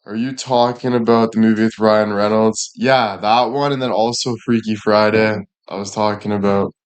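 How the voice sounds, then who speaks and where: A man's voice: fairly low pitch, steady tone, normal speed. A young man chatting casually to his audience, rambling and making crude jokes.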